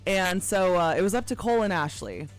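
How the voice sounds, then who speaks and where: A woman's voice: lowish voice, lively intonation, brisk, soft background music, poor audio. A woman co-hosting a morning radio show, chatting casually and telling teasing stories. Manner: playful, teasing storyteller. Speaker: radio co-host.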